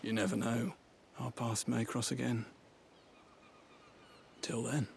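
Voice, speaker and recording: An actor playing a weary, cynical man who buries the dead, speaking in a calm, dry, sardonic way. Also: medium pitch, slow, creaky, crowd noise. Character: weary cynical male gravedigger in service.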